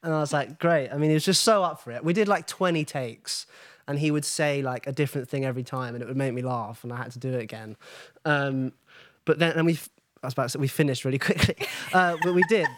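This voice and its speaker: A man's voice: mid-range voice, fast, dry recording, clean studio sound. Giggly, chatty young man. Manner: chatty storyteller, giggly, lots of fillers. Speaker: podcast guest. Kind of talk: casual chat.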